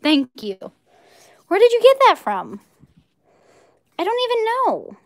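Young woman, high voice, bubbly and chatty, home kitchen, phone on tripod. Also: wildly swooping pitch, takes it slowly. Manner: bubbly, chatty, talks to viewers and her dog. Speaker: cooking livestream host. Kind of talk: casual live cooking chat.

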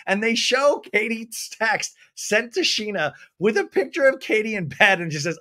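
Man, podcast host, tipsy, rambling, animated, casual TV recap, slightly high-pitched. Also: fairly quick.

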